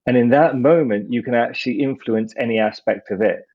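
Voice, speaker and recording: A man speaking as a podcast guest, measured and philosophical, slowing down to stress ideas. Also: medium pitch. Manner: measured, philosophical, slows down for emphasis. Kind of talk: reflective interview talk. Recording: muffled lo-fi audio.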